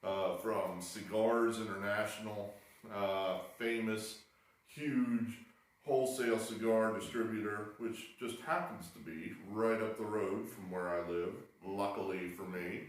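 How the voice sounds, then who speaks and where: A man rambles through his own sports video, exasperated and wry, pausing over a cigar. His voice sits on the low side. It rings through a very echoey room from a mic set well back. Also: fairly even intonation, distant mic. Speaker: sports betting video host. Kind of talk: rambling casual monologue.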